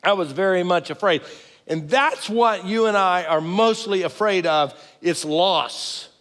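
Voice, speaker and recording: Animated middle-aged pastor preaching. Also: male voice, high voice, unhurried, big-room sound. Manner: animated, folksy and self-deprecating, acting out quoted lines. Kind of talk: sermon. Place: church sanctuary with multiple campuses.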